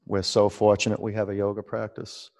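Gravelly-voiced man leading a yoga class. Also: lowish voice, big-room sound. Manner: relaxed, conversational, drawn-out cues. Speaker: yoga teacher. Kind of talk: guided yoga class instruction.

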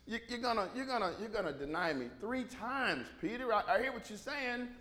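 A preacher acting out a patient, knowing male teacher who calmly warns a follower. His tone stays steady and kind, and he repeats himself to make the point land. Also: high-pitched, fairly quick, pitched above the performer's own voice. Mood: warning.

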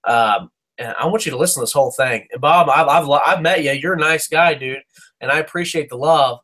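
A man's voice: on the high side, pushed and bright. Fired-up ranting man, sports podcast. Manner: fired-up ranting, swearing, quick restarts. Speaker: podcast co-host. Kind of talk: casual sports talk.

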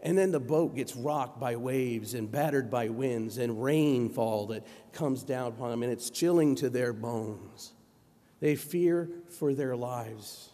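A man preaching a sermon in a church sanctuary, telling stories in a relaxed, conversational way. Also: mid-range voice, measured pace. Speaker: pastor. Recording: long reverb of a church hall.

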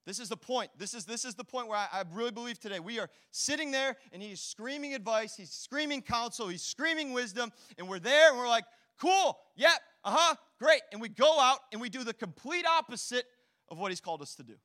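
High, bright-voiced male preacher. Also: brisk. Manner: animated storytelling, acts out quotes. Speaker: pastor. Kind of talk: sermon. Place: church hall.

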